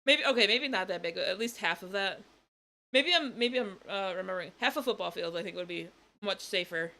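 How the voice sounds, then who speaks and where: A woman's voice: medium pitch, a little fast, pushed and bright. A woman streamer chatting casually while reacting to a video, laughing often and swearing.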